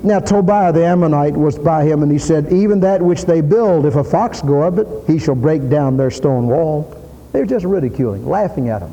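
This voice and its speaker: A man preaching a sermon in a church, emphatic, repeating his points and rising to loud peaks. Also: on the high side, expressive, brisk. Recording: long reverb of a hall.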